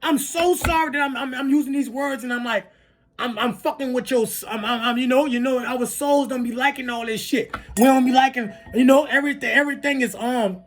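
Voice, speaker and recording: A video creator on an angry, profane spoken rant to viewers, who swings between shouting and muttering, breaks off to apologize, and keeps asking "you heard me" and "you feel me". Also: sits high, a little fast. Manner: apologetic asides between outbursts.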